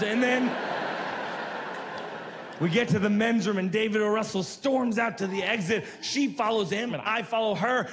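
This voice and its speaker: A man performing stand-up comedy on a theater stage, telling a story in a deadpan way with acted quotes, over audience laughter. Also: high-pitched, normal speed, noisy background. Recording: live theater recording with long reverb.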